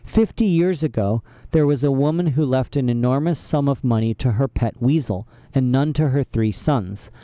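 A man's voice: medium pitch, moderate pace, hardly any pauses, warm tone, clear, resonant tone, no echo, close to an everyday voice. A man voicing a clever, worried teenage girl who speaks in an earnest, glum way.

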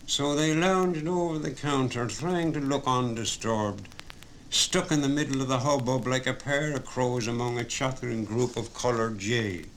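A man narrating a story, reading in a measured storytelling manner. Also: medium pitch, a little hiss or hum, rough recording. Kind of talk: audiobook narration.

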